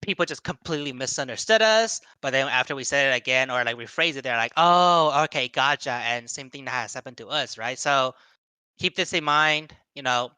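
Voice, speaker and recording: A man's voice: medium pitch, fairly quick, bright, forceful tone, clear, resonant tone, no room sound. A young man giving a casual seminar talk to young people, rambling with many fillers and restarts and acting out quoted voices. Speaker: seminar speaker.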